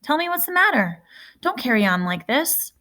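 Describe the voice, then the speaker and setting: A woman reading as a gentle worried older brother. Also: sits high, big pitch swings, normal speed, pitched above the performer's own voice, full character voice. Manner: coaxing, tender. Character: protective older brother, young man, gentle.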